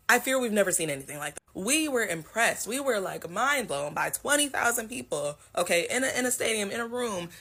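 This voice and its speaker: A woman talking casually in an excited, gushing way, laughing between remarks. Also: medium pitch, husky. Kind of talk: casual opinion video.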